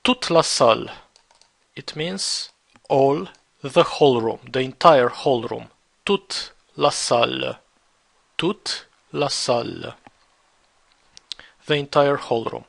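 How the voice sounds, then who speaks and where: A man teaching a beginner French lesson, repeating words slowly and spelling them out letter by letter. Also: medium pitch, creaky, fairly bright tone. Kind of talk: slow beginner language lesson.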